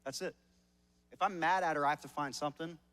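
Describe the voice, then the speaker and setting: A man's voice: fairly high pitch, fairly even intonation, fast talker, fairly bright tone. Chatty male pastor with a raised voice. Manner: conversational and joking, repeats words when starting sentences. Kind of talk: sermon. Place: church service.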